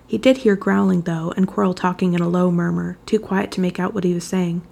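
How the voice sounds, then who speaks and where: Gravelly, husky woman narrator. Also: fairly low pitch. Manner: steady, measured storytelling. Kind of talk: reading fan fiction aloud.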